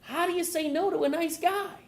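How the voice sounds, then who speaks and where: A woman's voice: very high voice, a little fast. A woman giving a live talk to a group, asking the audience questions and acting out conversations. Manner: animated, acts out conversations, asks the audience questions. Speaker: presenter at a gun owners' meeting.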